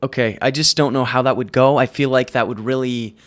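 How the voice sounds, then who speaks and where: A young man co-hosting a podcast in casual chat, animated and laughing often. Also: mid-range voice, brisk. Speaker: podcast co-host.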